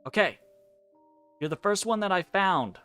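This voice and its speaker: A man voicing a tense, blunt dream guide who talks quickly and sounds edgy. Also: high-pitched, lively intonation, pushed and bright, smooth, dry recording, faint music behind, pitched above the performer's own voice, heavily acted. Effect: meant to sound muffled.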